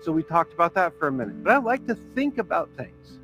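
A male pastor gives his sermon in a loose, chatty way, full of asides, fillers and little jokes. His voice sits a bit high for a man, and soft music plays faintly behind him. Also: very animated, a little fast, low-quality recording. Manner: casual, conversational preaching with filler words and jokes.

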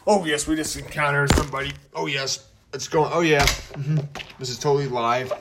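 A man hosting a comedic food review vlog, talking with over-the-top excitement and savoring each bite. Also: fairly high pitch, normal speed, very noisy.

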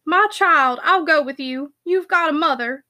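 A woman reading the lines of a frightened, loving mother in an audiobook, soft and anxious, in her own high, bright voice. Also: measured pace. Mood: anxious tender.

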